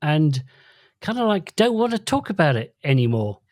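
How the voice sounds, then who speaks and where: A man's voice: on the high side, big pitch swings, moderate pace, darkish tone, dry recording, studio quality. A middle-aged man co-hosting a podcast in easygoing casual chat, with a wry tone and frequent ums. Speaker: podcast co-host.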